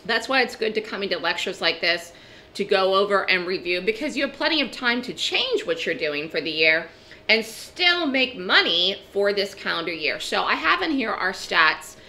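A woman giving a trading webinar over a video call, her voice crackly and half gone, brisk and asking questions she answers herself. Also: medium pitch, sing-song, pushed and bright. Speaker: trading educator and market commentator. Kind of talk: webinar lecture.

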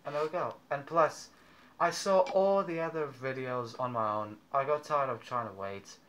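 Man rambling casually, bright tense tone. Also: mid-range voice, moderate pace. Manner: rambling, offhand commentary with fillers. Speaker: reaction video host. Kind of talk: casual chat. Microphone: through a costume mask.

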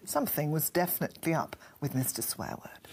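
A woman's voice: low voice, expressive, brisk, a little mellow, slight background noise. A woman reading a crude comic story aloud in a mock-innocent storybook manner.

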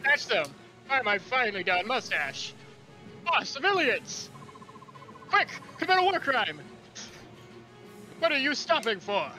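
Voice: mid-range voice, big pitch swings, unhurried, pauses often, sharp tone, faint music behind, low-quality recording. A player voicing a mocking, cruel imperial soldier commander, as a fan voice-over of game cutscenes. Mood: barking orders. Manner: sneering villain act, breaking into laughter.

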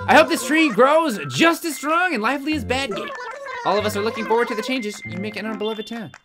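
A man's voice: very high-pitched, a little fast, voice pushed up. Isabelle, a man voicing a bubbly dog secretary. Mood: chirpy. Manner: sweet, bubbly read of game text. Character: cheerful polite female dog town secretary. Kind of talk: reading game dialogue aloud in a voice. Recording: game music behind the voice.

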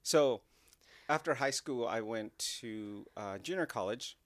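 A middle-aged man from Mexico, co-hosting a casual podcast with his daughter, playful and quick to laugh. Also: mid-range voice, background noise. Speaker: podcast co-host, father. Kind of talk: casual chat.

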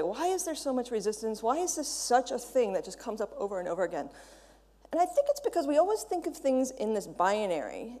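A woman giving a conference talk, playful and animated, with a long echo from a large hall. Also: high-pitched. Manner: animated, playful, quotes others in mock voices. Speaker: conference speaker.

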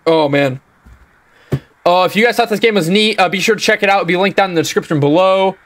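A young man playing a horror game and reacting out loud, swearing a lot and breaking into panicky yells. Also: sits high, quick pace. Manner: upbeat sign-off asking for support. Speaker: gaming YouTuber. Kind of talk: horror game let's play commentary.

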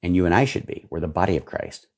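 A male pastor preaches fervently at a quick pace while answering viewer questions. His delivery swings between low mutters and loud outbursts.

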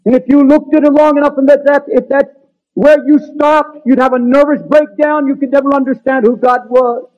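A man's voice: very high-pitched, flat delivery, normal speed. A man preaching a sermon in an earnest, pleading manner that builds to raised, urgent emphasis. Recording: dull lo-fi sermon recording.

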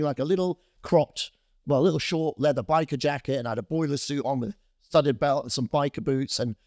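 A man's voice: mid-range voice, no echo, clean studio sound. A man in his fifties from Scotland, a fashion founder telling a long story as an interview guest, full of fillers and restarts. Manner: rambling, lively storyteller with many fillers and restarts.

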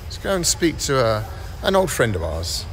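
A man's voice: medium pitch, very animated, normal speed. A man, doing chatty, upbeat travel vlog commentary outdoors on a town street. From southern England. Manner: chatty, upbeat, asks strangers questions. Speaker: travel vlogger. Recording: street noise behind the voice.

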